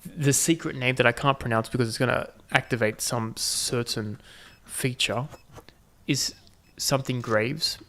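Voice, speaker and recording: A man talks his way through a game in a loose, chatty commentary. His voice has a gravelly rasp and sits at an ordinary middle pitch. He keeps throwing playful asides to his viewers. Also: unhurried, fairly bright tone. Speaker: gaming channel host. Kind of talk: casual gameplay commentary.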